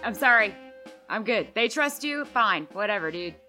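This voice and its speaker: A woman's voice: mid-range voice, animated, moderate pace, bright, forceful tone. Female tabletop player, chatty and eager, faint music behind. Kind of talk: casual tabletop play.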